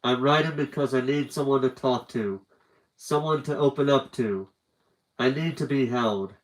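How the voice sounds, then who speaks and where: A frightened teenage boy pours out a farewell letter, read by a man in his own voice. The reading is slow, halting and tender, at a middling pitch for a man. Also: natural voice, poor audio. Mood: scared, tender.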